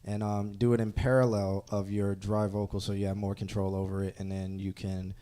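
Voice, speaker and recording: A man with a mixed New York and Southern accent, co-hosting a casual livestream chat about music production, animated and swearing casually. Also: on the low side, a little fast. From Florida. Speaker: co-host.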